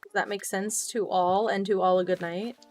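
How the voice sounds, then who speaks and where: A woman's voice: medium pitch, little pitch movement, normal speed, faint music behind. A young woman streaming from her desk at home, chatting casually with viewers and thinking aloud as she plays. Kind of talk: casual chat while playing a game.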